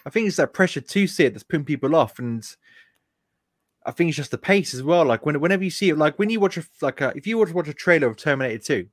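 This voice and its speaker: A man's voice: a little high, animated, fast talker, no room sound. A man chatting on a movie podcast, packing his sentences with "like" and false starts. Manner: filler-heavy, says "like" constantly. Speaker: podcast panelist. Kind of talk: casual chat.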